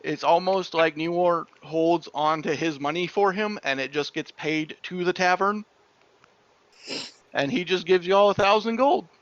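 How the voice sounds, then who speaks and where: A man's voice: sits high, measured pace, a bit bright, lo-fi sound. A man acting as dungeon master, narrating a tabletop game in a loose, chatty storytelling manner.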